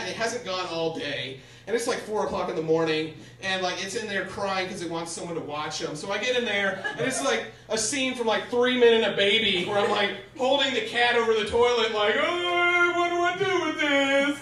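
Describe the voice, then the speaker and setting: High, bright-voiced young stand-up comic. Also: male voice, brisk, hardly any pauses. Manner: animated storytelling with shouted bits. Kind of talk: stand-up comedy. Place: theater stage with audience. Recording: echoey theater from a distance.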